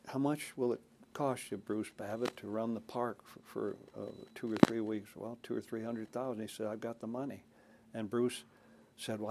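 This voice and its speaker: A man's voice: fairly low pitch, vocal fry, a little mellow, slight background noise. An older man and former senator telling folksy, anecdotal stories in an oral history interview, chuckling and acting out quotes.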